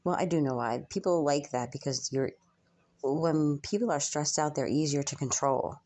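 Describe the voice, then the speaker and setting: A woman's voice: deep voice, moderate pace, warm tone. A young woman channeling messages for her viewers in a spiritual reading, musing aloud with frequent ums and hesitations.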